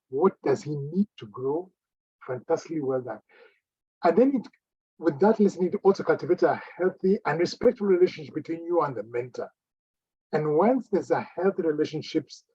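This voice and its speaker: Man, fairly high, husky, dry and dull-sounding line, warm evaluator. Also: dry recording. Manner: encouraging, repeats phrases for emphasis. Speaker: speech evaluator at a club meeting. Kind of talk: spoken speech evaluation.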